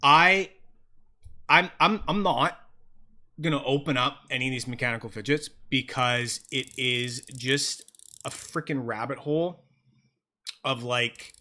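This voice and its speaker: A man chatting casually on a home livestream into a close, sensitive mic, rambling, excitable and swearing freely. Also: medium pitch, a little slow, pauses often. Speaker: fidget toy livestreamer.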